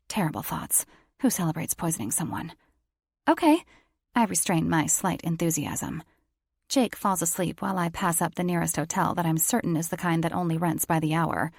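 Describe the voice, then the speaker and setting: A woman's voice: fairly low pitch, gravelly, a little mellow, dry recording, studio quality. A woman reading a first-person romance audiobook in a wry, confiding voice. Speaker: audiobook narrator.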